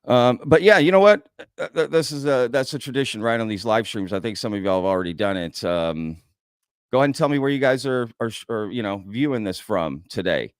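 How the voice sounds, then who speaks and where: A man's voice: mid-range voice, expressive, brisk, smooth, no room sound, studio quality. A man with an American accent hosting a casual livestream, chatting loosely and reading out viewers' comments. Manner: chatty, reads out viewer comments, says "y'all". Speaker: livestream host.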